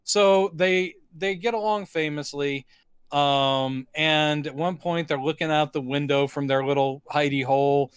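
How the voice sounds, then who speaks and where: A man's voice: on the high side, steady tone, a little slow, clear, resonant tone, dry recording, clean studio sound. A man co-hosting a casual film review podcast, retelling movie scenes by voicing the characters. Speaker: podcast co-host.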